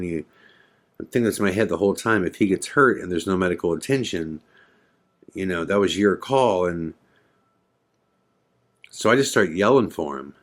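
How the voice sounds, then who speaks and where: Male podcast host, low voice, intense first-person storyteller with a regretful edge. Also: expressive, moderate pace, long pauses. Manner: intense, regretful retelling with swearing.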